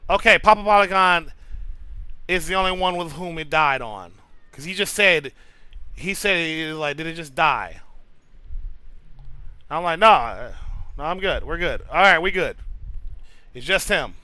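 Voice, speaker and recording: A man's voice: fairly high pitch, animated, unhurried, long pauses, pushed and bright, clear, resonant tone, dry recording, low-quality recording. A man chatting casually with his live-stream viewers, reading out chat names, swearing freely and stammering through restarts. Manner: loose, profane, stammering restarts, reads chat names aloud.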